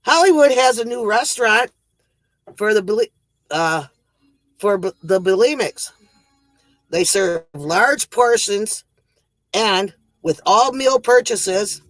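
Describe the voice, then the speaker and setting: Man, high bright voice, dry close sound; rambling joke teller who laughs at his own gags. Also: animated, takes it slowly, pauses often, no echo, low-quality recording. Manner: chuckles at his own jokes; rambling, self-interrupting delivery. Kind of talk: casual joke telling on a livestream.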